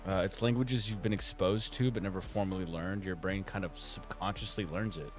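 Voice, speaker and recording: Male stream co-host, somewhat low voice, animated and laugh-prone, reads chat aloud over soft music. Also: a little fast. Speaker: co-host reading chat on a live art stream.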